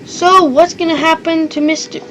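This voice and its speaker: A woman giving excitable commentary over an online strategy game she is playing. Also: extremely high pitch, moderate pace, slight background noise, rough recording. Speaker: gamer.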